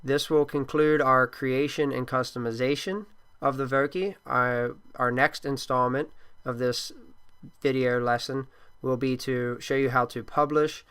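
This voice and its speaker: A male teacher walking through a software tool in a screen-recorded tutorial, with a plain, steady instructional delivery and the occasional filler. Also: mid-range voice, unhurried, clear, resonant tone. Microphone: computer microphone.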